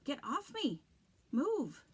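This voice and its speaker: A woman reading aloud, voicing a scared boy who yells in protest. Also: high-pitched, animated, measured pace, pitched above the performer's own voice. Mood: upset.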